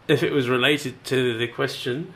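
A man's voice: mid-range voice, fairly even intonation, normal speed, fairly bright tone. A man co-hosting a radio show, chatting playfully in a rambling way full of fillers and hesitations. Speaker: radio co-host. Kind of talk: casual on-air chat.

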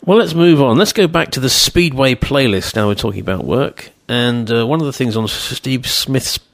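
A male radio host chatting casually, wandering off on tangents and making self-deprecating jokes. His voice is mid-pitched and the sound is dry, close and without room echo. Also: lively intonation, normal speed. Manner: rambling, self-deprecating asides.

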